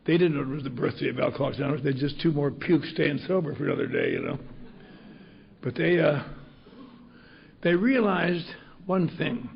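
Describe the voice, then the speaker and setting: A man's voice: on the high side, gravelly, husky, muffled recording. An older man speaking at a recovery convention, telling a story bluntly with salty humor. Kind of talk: storytelling talk. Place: convention hall.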